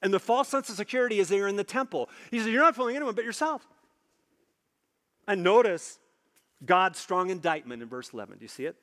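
A man preaching a sermon, emphatic, repeating phrases for stress and slowing low on key points. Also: animated, a bit bright, big-room sound.

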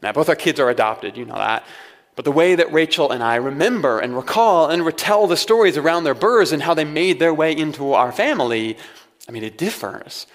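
A man's voice: on the high side, animated, a little fast. A man preaching a sermon as pastor, talking to his congregation in a conversational way with wry humorous asides. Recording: long hall reverb.

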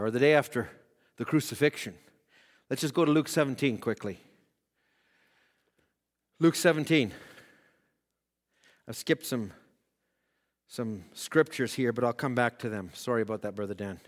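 A man preaching a sermon, moving between loud exhortation and quiet scripture reading. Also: medium pitch, normal speed, long pauses, in a large hall.

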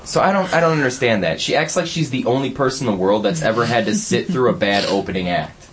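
A man's voice: mid-range voice, fast, noisy background. A young man hosting a casual college radio show, telling rambling stories with lots of fillers. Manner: rambling, chatty storyteller with many fillers.

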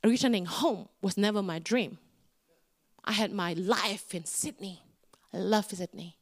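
A middle-aged woman, a guest speaker telling her story in an animated sermon with big swings in pitch. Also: unhurried. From Indonesia.

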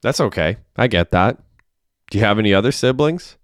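A man's voice: on the low side, expressive, fairly quick, dry recording, voice pushed up, close to an everyday voice. A man reading aloud and voicing an awkward young man who talks in a dry, joking way.

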